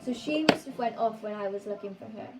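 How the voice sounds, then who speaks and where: A woman's voice: fairly high pitch, fast, a crowd in the background, poor audio. Chatty woman telling a story. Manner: chatty, lots of "like" fillers. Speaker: vlogger. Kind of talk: casual story time.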